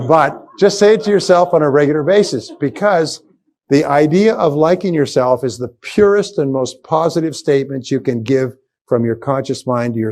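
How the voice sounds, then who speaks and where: A man's voice: medium pitch, darkish tone. An older man speaks at a motivational seminar, speaking to a live audience in a mid-range voice. He is emphatic and repetitive, hammering short phrases and rising to punchy exclamations.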